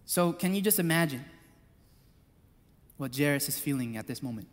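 Guy preaching to his church, fired up then quiet, high voice, big echoey hall. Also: expressive, moderate pace. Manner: passionate, swings between loud appeals and hushed storytelling. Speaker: pastor. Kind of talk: sermon. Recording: long hall reverb.

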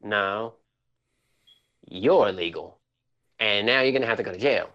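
A man's voice: lowish voice, a little slow, fairly bright tone, lo-fi sound. A man playing a stern, crude small-town male sheriff in improvised role-play, drawling and bossy.

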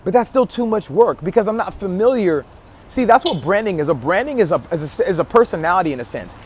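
A man talking straight to his viewers about marketing in a casual vlog, leaning hard on repeated phrases and restarting sentences as he goes. His voice sits a little high for a man, and a faint hum of ambience hangs behind him. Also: sing-song, fast talker. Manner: emphatic, repeats key phrases, frequent restarts. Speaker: marketing vlogger. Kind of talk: casual marketing advice talk to camera.

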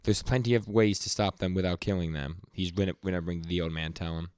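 Deep, steady, smooth and somewhat dark, this young man's voice is captured in a dry, studio-quality recording. He's a podcast co-host chatting casually about manga, recounting scenes in quick quotes and stammering and stumbling often.

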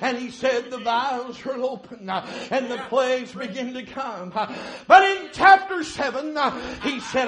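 A man preaching a shouting revival sermon, chanting and drawn out, crying out woo and hallelujah. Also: very high voice, unhurried, few pauses, dull audio, crowd noise. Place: church sanctuary. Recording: echoey church with loud congregation. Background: congregation responding.

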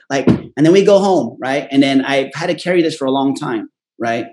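A man hosts a relaxed conversation with a voice of ordinary middle pitch. He tells stories with animation and keeps checking in with his listener by tacking "right?" onto his sentences. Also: brisk. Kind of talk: casual storytelling chat.

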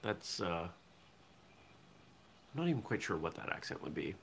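Bright-voiced man hosting a morning chat. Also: low-pitched, moderate pace, vocal fry, breathy edge. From southern Maine, US. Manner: relaxed, chatty, reads viewer comments aloud. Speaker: host of a morning live show. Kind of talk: casual live-stream chat.

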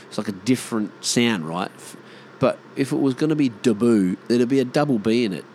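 A man's voice: medium pitch, animated, fairly quick, darkish tone, a little hiss or hum. A man in his thirties with an Australian accent, rambling casually on his own and swearing freely. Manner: swears freely, mimics mates in exaggerated voices. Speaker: vlogger.

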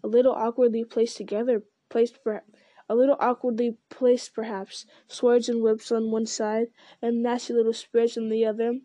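A woman's voice: fairly high pitch, level tone, normal speed, dry recording, natural voice. A woman doing a hissing, menacing goblin. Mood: silky menace. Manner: soft hissing whisper, silky and threatening. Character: sly, menacing male goblin soldier. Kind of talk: audiobook character voice.

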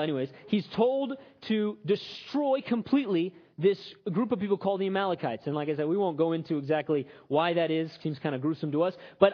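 Animated, husky-voiced male preacher. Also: high voice. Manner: animated, conversational, acts out characters. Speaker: pastor. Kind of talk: sermon. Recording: slightly muffled recording.

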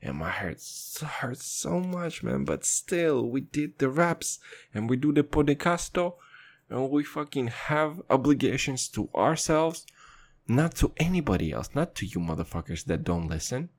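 A man's voice: mid-range voice, big pitch swings, measured pace. Profane rambling young man on a podcast. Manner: crude, profane, rambling banter. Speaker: podcast host. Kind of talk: casual podcast rant.

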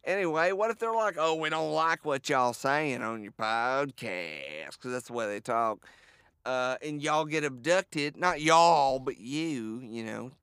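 A Southern American man co-hosting a comedy podcast, talking into a podcast microphone. He rambles, curses constantly and gets loud when excited. His voice is bright and clear, and the sound is close and dry. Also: mid-range voice, unhurried, no room sound. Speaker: podcast co-host.

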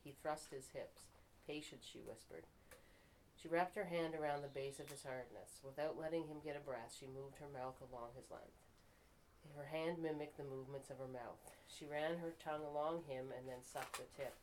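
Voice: medium pitch, normal speed, a little hiss or hum, low-quality recording. A writing group member reading their own fiction aloud and stopping now and then to fix slips. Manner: reads steadily, stops to fix slips and apologizes.

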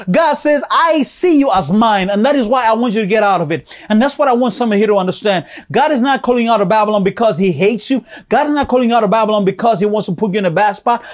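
A male preacher with a high voice delivers a fervent sermon. He repeats phrases and trips over words, swinging from ringing calls down to quiet, low asides. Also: animated, fast. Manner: passionate, repetitive, rises to calls then drops low and soft; frequent stumbles and repeated words.

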